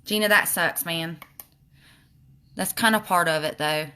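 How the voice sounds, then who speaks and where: A woman's voice: fairly low pitch, unhurried, sharp tone, clean tone. A woman with a slight lisp, chatting casually while showing makeup on a livestream. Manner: chatty, reads viewer comments aloud.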